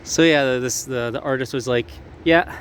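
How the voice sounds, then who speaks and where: A man's voice: medium pitch, fairly even intonation, brisk, a little hiss or hum. Profane, jokey man guiding a tour. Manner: profane, jokey, slips into mocking voices for historical figures. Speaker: tour guide vlogger. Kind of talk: casual walking tour. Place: outdoors on a city square.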